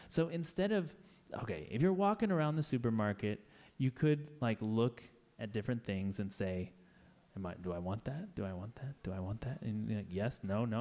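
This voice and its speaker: A man's voice: mid-range voice, mellow. A man giving a casual, playful talk to a live audience, chatty and acting out little scenes in voices. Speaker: conference speaker.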